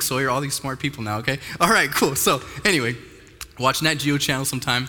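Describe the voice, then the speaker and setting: A man's voice: medium pitch, quick pace, pushed and bright. A man preaching a sermon to a live audience, casual and talking straight to the crowd with frequent questions. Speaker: pastor. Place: large room with a live audience. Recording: echoey hall.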